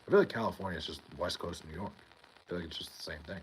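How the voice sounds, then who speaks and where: A man's voice: sits low, fast talker, a little hiss or hum, poor audio. A young man hosting a livestream, rambling casually, swearing often and answering chat by name. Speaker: livestream host reading chat. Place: home in New York.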